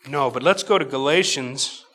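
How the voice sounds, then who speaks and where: A middle-aged preacher with a mid-range voice works through scripture slowly and emphatically, shifting from loud bursts to quiet asides.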